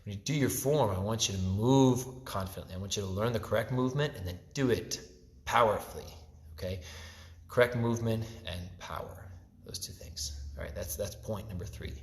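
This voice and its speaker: A man's voice: on the low side, fairly quick. A male taekwondo instructor teaching a class in a casual, chatty way, often checking in with "okay?", recorded on a phone that someone else is holding. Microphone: phone camera held by a helper. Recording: echoey hall, long reverb.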